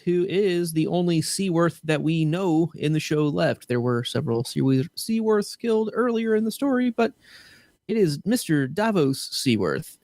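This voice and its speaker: A man's voice: high voice, vocal fry, darkish tone, no echo. A man hosting a casual podcast panel, moving the discussion along in an upbeat, jokey way. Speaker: podcast host leading the discussion.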